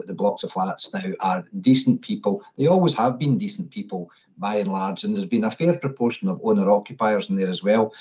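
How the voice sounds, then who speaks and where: A man, a landlord objecting at a formal meeting, speaking in a measured way with hesitant restarts. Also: lowish voice, a little mellow. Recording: dull lo-fi audio.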